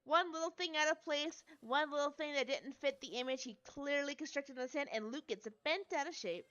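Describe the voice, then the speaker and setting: Bright-voiced woman streamer reading a game. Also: high-pitched, a little fast, muffled recording. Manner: chatty, giggly asides. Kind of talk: reading a story game aloud.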